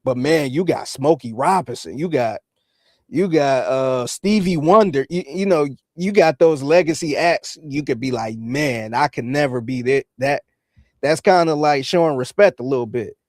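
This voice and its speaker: A man co-hosting a podcast, talking in a relaxed way and often acting out what others might say. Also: on the high side, moderate pace, dry recording, clean studio sound. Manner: relaxed, acts out quotes. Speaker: podcast co-host. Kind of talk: casual podcast commentary.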